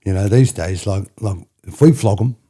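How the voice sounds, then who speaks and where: A middle-aged man with an Australian accent, his voice low, dark and husky. He tells stories in a loose, rambling way and keeps circling back with "you know what I mean". It sounds like a relaxed podcast conversation. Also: normal speed. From country New South Wales, Australia. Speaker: podcast guest, former rugby player. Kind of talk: casual reflective storytelling.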